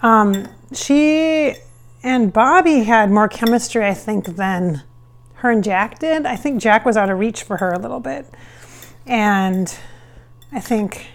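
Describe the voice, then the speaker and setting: A woman's voice: a little high, takes it slowly, a little hiss or hum. A woman chatting casually in a vlog while she cooks at home. She rambles, with many fillers and restarts. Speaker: psychic medium vlogger. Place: home kitchen with hardwood floors.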